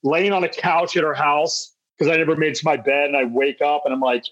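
A man's voice: on the high side, steady tone, a little fast, fairly bright tone, muffled recording. A man in his late twenties, co-hosting a podcast, animatedly telling a casual story and acting out his friends' lines. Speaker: podcast co-host.

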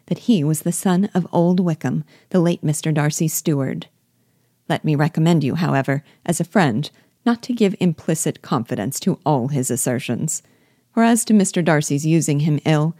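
A woman's voice: low-pitched, warm tone, no room sound, clean studio sound. A woman reading a disdainful society lady with a civil, sneering manner.

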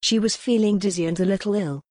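Woman narrating a dark gothic novel. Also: mid-range voice, dry recording, clean studio sound. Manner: measured, dramatic storytelling. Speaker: audiobook narrator. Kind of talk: scripted narration.

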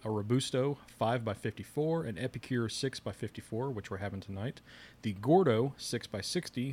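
A man hosting a casual podcast, relaxed and friendly, asking his guest questions. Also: mid-range voice. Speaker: podcast host.

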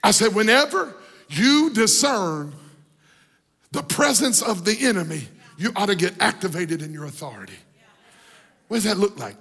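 A man preaching a sermon, breaking into sung cadences and shouting at the peaks. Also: high voice, big pitch swings, moderate pace, vocal fry, long pauses, breathy edge. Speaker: pastor. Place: church hall. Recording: long hall reverb, organ music behind.

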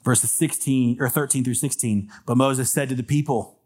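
A man's voice: mid-range voice, fairly even intonation, moderate pace, a little mellow. A man preaching a sermon to a congregation, earnestly reading scripture aloud and calling for amens. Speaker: pastor. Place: church with congregation.

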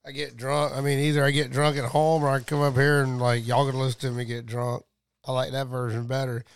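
A man's voice: mid-range voice, level tone, a little fast, smooth, dry recording. A man rambling crudely and joking as a podcast guest, drinking during a casual chat in a small home studio. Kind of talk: casual drunken banter.

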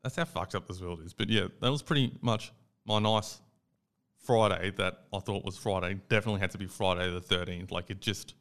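A young Australian man with a lowish, smooth, clear voice tells a story on a casual podcast. He talks in an animated way and acts out each quoted line. He swears easily. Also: brisk. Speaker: podcast co-host. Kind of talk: casual chat.

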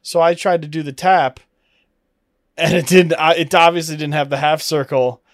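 A man's voice: fairly high pitch, fairly even intonation, no echo. Easygoing young man, dry close sound. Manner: easygoing, laughs often, quick asides. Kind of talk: casual chat.

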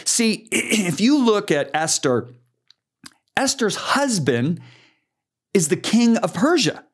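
An older man, a preacher, earnestly telling a story in conversation, animated and emphatic. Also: high voice, takes it slowly, slightly rough. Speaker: guest preacher.

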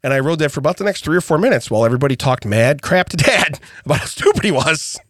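A middle-aged podcast co-host with a higher-pitched voice talks quickly through a family story in casual chat. With no echo and clean studio sound, he comes across as an animated storyteller, laughing frequently and acting out others' words.

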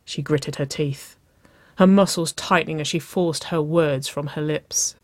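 A reader narrating intimate fiction in a slow, soft, hushed storytelling voice. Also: medium pitch, steady tone, no room sound.

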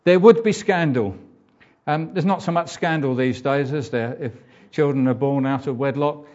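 A man's voice: mid-range voice, moderate pace, darkish tone. An older man preaching a conversational sermon, reading scripture aloud and reflecting on it. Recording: dull lo-fi church recording.

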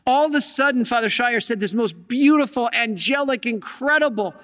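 A man's voice: extremely high pitch, moderate pace, pushed and bright. A man, a Catholic priest, giving a sermon with emphatic storytelling and rhetorical questions. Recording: long hall reverb.

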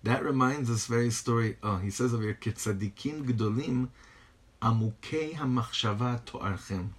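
A man with a husky, slightly breathy voice teaches from a Hasidic text. He reads the original lines slowly and deliberately, then puts them into plain words and keeps pausing to marvel at what he has read. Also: mid-range voice. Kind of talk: text study class.

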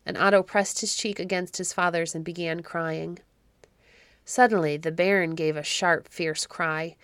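A woman with a lowish voice reads an old storybook aloud in a measured, even way. The sound is close and dry, with no room echo. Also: clear, resonant tone. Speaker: narrator and podcast host. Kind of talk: storybook narration.

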